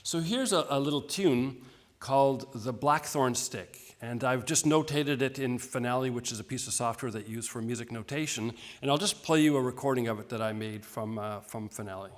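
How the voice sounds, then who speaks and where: A man's voice: mid-range voice, brisk. Man lecturing in a reverberant hall. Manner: friendly, self-deprecating, with frequent restarts. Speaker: music lecturer. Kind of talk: informal music lecture with playing.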